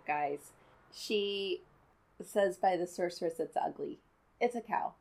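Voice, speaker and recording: A woman's voice: on the low side, normal speed. A woman giving casual, sarcastic commentary as she recaps a movie, exasperated and nitpicking.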